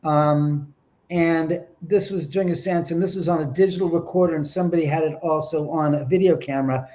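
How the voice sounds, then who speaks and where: A man telling paranormal stories in an interview, lively and acting out the voices he quotes. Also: fairly high pitch, brisk. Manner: lively, acts out quotes with whispers and exclamations. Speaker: paranormal investigator guest. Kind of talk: animated storytelling in an interview.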